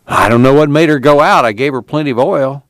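A man's voice: sits low, moderate pace, breathy edge, no room sound, clean studio sound. A man voicing a young male farmhand who complains and gets defensive. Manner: indignant, complaining drawl.

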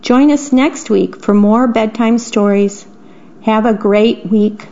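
A woman volunteer radio reader, telling a bedtime story in slow, clear storytelling. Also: fairly high pitch, dark tone. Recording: slightly dull radio broadcast.

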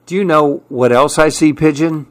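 A gentle, dreamy little mouse who wonders aloud at everything around him, as a man puts him on in a raised, lighter voice. The storybook reading sounds close and dry. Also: fairly high pitch, fairly even intonation, moderate pace, dry recording, lightly acted. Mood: delighted. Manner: wondering and easygoing.

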